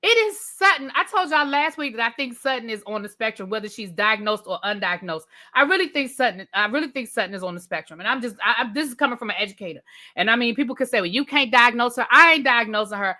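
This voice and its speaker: A woman's voice: fairly high pitch, expressive, fast talker, bright, forceful tone. A woman hosting a live review stream, chatting with viewers in a casual, emphatic way with lots of slang. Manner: chatty, emphatic, Southern-tinged slang ("child", "ain't", "honey").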